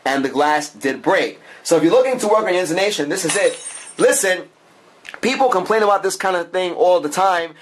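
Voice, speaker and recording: A man's voice: sits high, animated, a little fast, a little hiss or hum. A man doing a chatty, enthusiastic walkthrough of a music app, with fillers and frequent asides to the viewer. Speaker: app reviewer.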